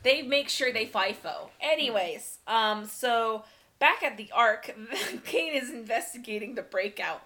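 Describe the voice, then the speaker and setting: A young woman co-hosting a casual recap chat, talkative and quick to laugh. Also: fairly high pitch, expressive, sharp tone. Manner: chatty, laughs often, swears casually. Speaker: podcast co-host recapping a TV episode.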